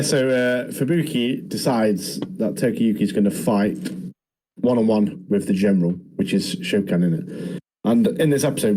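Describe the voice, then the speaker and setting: An easygoing man co-hosting an anime podcast and walking through plot points with plenty of fillers. His voice is low and mellow with a husky edge. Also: low-quality recording. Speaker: podcast co-host. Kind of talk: casual anime chat.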